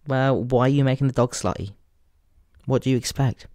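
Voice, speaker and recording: A man's voice: medium pitch, a little fast, mellow, no room sound, clean studio sound. A young English man hosting a podcast, talking in a crude, rambling comic monologue and laughing at his own jokes. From England. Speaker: podcast host. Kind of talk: casual comedic monologue.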